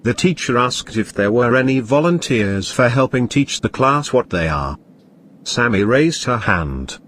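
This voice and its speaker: A man narrating a scripted comedy story in a flat, matter-of-fact way. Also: mid-range voice, unhurried, a little hiss or hum.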